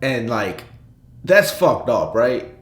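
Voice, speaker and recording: A man hosting a reaction video, talking casually and tagging his points with quick questions to the viewer. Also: mid-range voice, sing-song, echoey room, soft background music. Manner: chatty, laughing asides, ends points with "right?". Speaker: reaction channel host.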